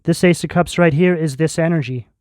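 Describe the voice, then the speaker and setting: A man giving a tarot reading video, speaking in slow, emphatic, intense declarations. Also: on the high side, a little mellow, no echo, studio quality. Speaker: tarot reader.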